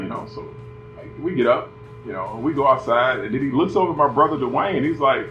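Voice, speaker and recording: Animated middle-aged man. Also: fairly high pitch, brisk. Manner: animated, acts out voices, many "you know" fillers. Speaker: son telling family stories. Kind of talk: casual family storytelling. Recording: roomy, slightly dull, faint music behind.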